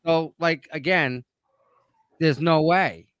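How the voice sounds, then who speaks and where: A man with a Boston accent talks through a case on a livestream, pressing his points hard and repeating them. His voice sits a little high and sounds smooth and clear. The sound is dry and close. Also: slow pace, dry recording. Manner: animated, emphatic, repeats points. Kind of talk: livestream discussion.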